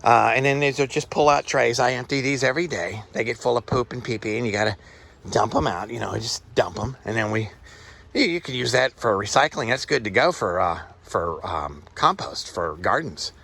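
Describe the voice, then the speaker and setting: Rambling homesteader type, male, bright gravelly voice, folksy and chatty, recorded outdoors in a tent. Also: mid-range voice, normal speed. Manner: rambling, folksy, thinks aloud. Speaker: backyard rabbit raiser giving a tour. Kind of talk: casual walk-through vlog. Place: outdoor tent beside rabbit cages.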